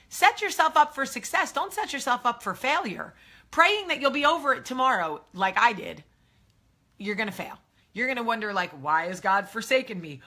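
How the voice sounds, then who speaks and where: A bright, clear-toned woman in her thirties hosts a casual live stream, speaking candidly and animatedly into a phone or webcam. Her pitch sits in an ordinary middle range. She talks frankly, like she is sharing personal advice with friends. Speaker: host of a live video show. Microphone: phone or webcam, live video.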